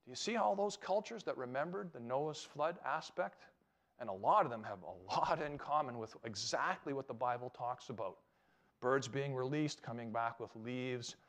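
A man giving an emphatic, animated talk to a live audience as a Christian apologetics speaker, often asking them rhetorical questions. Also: a little high.

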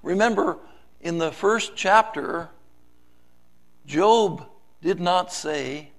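A man preaching in an unhurried, measured sermon voice with a gravelly edge. His delivery is dramatic, rising to loud pleading and then dropping to hushed softness. His pitch sits a little higher than most men's. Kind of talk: sermon with a recited poem.

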